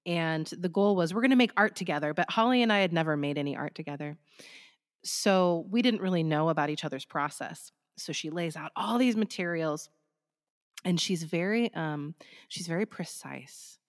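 A woman's voice: fairly low pitch, normal speed, big-room sound. A woman in casual conversation, agreeing and then telling a reflective story.

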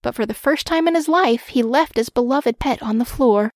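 A woman narrating a children's storybook in a gentle, expressive way. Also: on the high side, moderate pace, no echo, clean studio sound.

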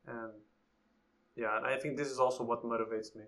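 A man's voice: medium pitch, flat delivery, moderate pace, a bit bright. A man co-hosting a podcast in a casual chat, thoughtful and often restarting his sentences. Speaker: podcast co-host.

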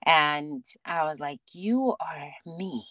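A woman speaking as a podcast guest, telling stories about her child in an animated way, often restarting her sentences. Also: sits low, slow pace, no room sound. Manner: animated storytelling with many restarts and laughs. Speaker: podcast guest, mother and theatre actor. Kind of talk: casual interview chat.

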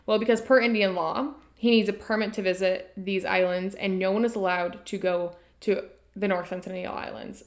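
A woman podcast host from the United States, telling a story in a casual, irreverent way with offhand swearing. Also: mid-range voice.

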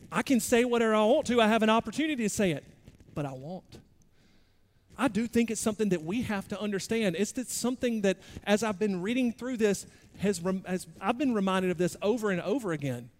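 High-voiced pastor preaching in a hall. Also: male voice, lively intonation, a little fast. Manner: conversational, self-deprecating preaching with shifting loudness. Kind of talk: sermon.

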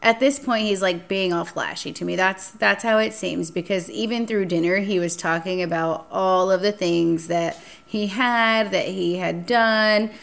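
A young woman hosting a casual podcast chat, telling a dating story with lively acted-out quotes and frequent swearing. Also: mid-range voice, unhurried, gravelly, hardly any pauses. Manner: animated, acts out quotes, swears freely. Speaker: podcast host.

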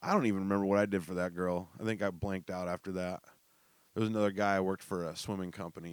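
A man's voice: sits low, no echo. A young man telling casual, profane stories and laughing as he goes. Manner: loose, profane, laughs through his stories. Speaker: storyteller. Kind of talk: casual storytelling.

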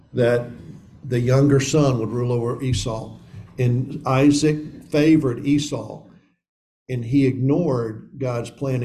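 A man's voice: mid-range voice, dark tone, rough recording. A man leading a men's Bible study, reading scripture aloud and commenting earnestly, calling his listeners guys.

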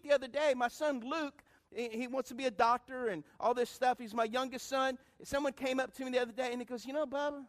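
Calling out to the congregation, a middle-aged pastor swings between booming appeals and whispered lines in his sermon. His pitch is extremely high.

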